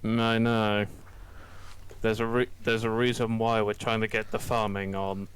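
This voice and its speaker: A man playing a character in a tabletop role-playing game, slow and musing as he decides. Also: lowish voice, flat delivery, a little hiss or hum. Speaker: player.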